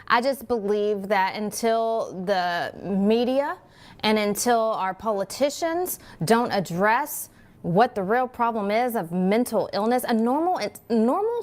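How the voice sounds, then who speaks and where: A young woman co-hosting a news program, speaking emphatically and emotionally, repeating phrases for stress. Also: fairly high pitch. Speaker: news co-host. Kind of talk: conversational news commentary.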